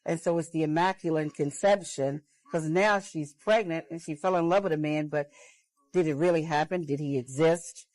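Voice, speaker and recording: Earnest low-voiced woman spinning a theory. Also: moderate pace, darkish tone, dry recording, rough recording. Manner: earnest, building a long chain of ideas. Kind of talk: storytelling theory explanation.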